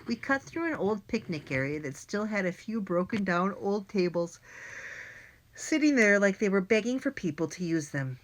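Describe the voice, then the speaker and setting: A woman narrating a first-person children's audiobook in a lively, plain and clear storytelling manner. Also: medium pitch, moderate pace, slight background noise.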